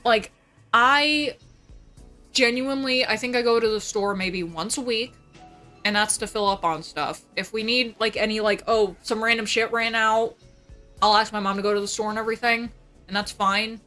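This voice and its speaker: A young woman livestreamer venting in casual chat about family drama, swearing constantly and talking fast. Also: fairly high pitch, sharp tone, soft background music. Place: home.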